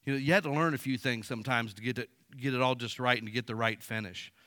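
A man in his fifties preaching a sermon in a casual, animated storytelling way, acting out quotes. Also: medium pitch, fast, no room sound, clean studio sound. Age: 50s. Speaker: pastor. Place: church sanctuary.

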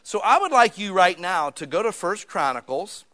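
A middle-aged male pastor preaching a sermon in a joking, conversational way, with lively asides between readings. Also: high voice, moderate pace.

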